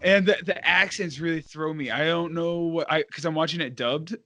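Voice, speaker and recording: A man's voice: fairly high pitch, normal speed, bright, forceful tone. A man hosting a casual podcast chat, rambling with lots of fillers and laughing often. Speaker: podcast host.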